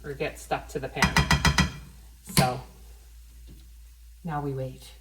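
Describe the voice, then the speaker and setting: A woman chatting casually while cooking in her home kitchen, thinking out loud and poking fun at herself, with a pan sizzling behind her. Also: extremely low pitch, level tone, takes it slowly, roomy sound, over loud music. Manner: chatty, self-deprecating, thinks aloud. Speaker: vegan cooking vlogger. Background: frying and sizzling from the pan.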